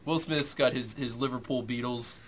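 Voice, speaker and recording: A man's voice: mid-range voice, steady tone, normal speed, a little hiss or hum. A young man co-hosting a radio show in casual banter, joking and eager, laughing often.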